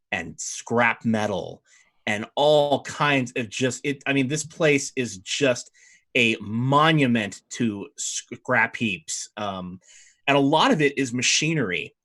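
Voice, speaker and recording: A man running a tabletop game as dungeon master, describing scenes in a loose, rambling way. His voice is bright and forward, pitched in the middle. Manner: rambling, with frequent fillers and restarts. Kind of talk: improvised tabletop game narration.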